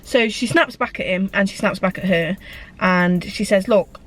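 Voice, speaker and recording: A woman's voice: mid-range voice, normal speed, fairly bright tone. A woman in a casual book chat vlog, retelling a story in a chatty way and swearing freely. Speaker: book vlogger.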